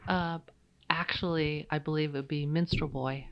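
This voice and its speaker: A woman playing a trivia game as a podcast guest, giggly and animated. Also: low-pitched, normal speed, vocal fry, smooth, muffled recording. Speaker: quiz contestant, podcast guest. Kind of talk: casual game-show banter.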